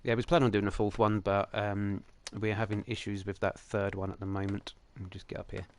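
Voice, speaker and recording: A man's voice: lowish voice, flat delivery, quick pace. A young man hosting a game livestream, talking through it in a chatty, jokey, rambling way. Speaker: livestream host. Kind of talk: casual game commentary.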